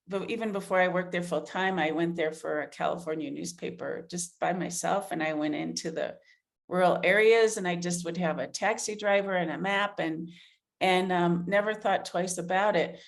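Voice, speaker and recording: A middle-aged woman journalist answering interview questions earnestly, thinking aloud with fillers and restarts. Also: medium pitch. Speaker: author and investigative journalist, guest.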